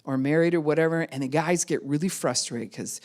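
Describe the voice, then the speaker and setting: A woman pastor teaching a class in a conversational way, acting out other people's words in quick voices. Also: deep voice, darkish tone. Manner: conversational, with frequent "you know" and "right?".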